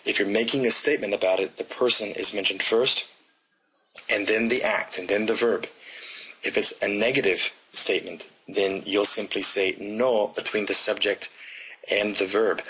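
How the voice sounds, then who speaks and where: A man teaching a grammar lesson, talking slowly and deliberately and pausing for the listener to repeat after him. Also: lowish voice, steady tone, sharp tone, husky, low-quality recording. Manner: slow, deliberate drilling with pauses for repetition. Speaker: Spanish teacher.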